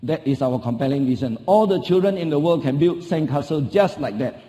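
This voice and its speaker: Middle-aged Singaporean male keynote speaker, high mellow voice, emphatic and repetitive, rhetorical questions, big reverberant hall. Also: lively intonation, brisk. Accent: Singaporean English. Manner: emphatic, repeats key phrases, asks the audience rhetorical questions. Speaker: motivational speaker. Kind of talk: motivational keynote speech. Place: large conference hall.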